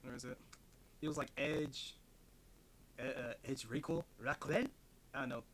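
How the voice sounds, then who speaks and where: Casually chatting on stream from his desk at home, this man has a mid-range, fairly bright voice and a normal pace. He rambles and curses while thinking aloud, his mic placed unusually far off at a strange angle.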